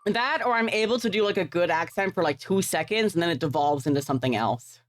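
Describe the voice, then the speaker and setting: A woman with a fairly low voice chats casually while setting up a game on a livestream, rambling quickly and swearing offhandedly. The recording has no echo.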